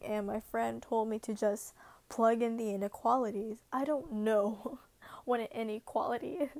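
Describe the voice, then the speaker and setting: A woman's voice: on the high side, vocal fry, darkish tone, dry recording. A young woman in her late teens, recording a casual vlog at home and rambling in an anxious, self-deprecating way. She laughs often as she talks. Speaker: vlogger.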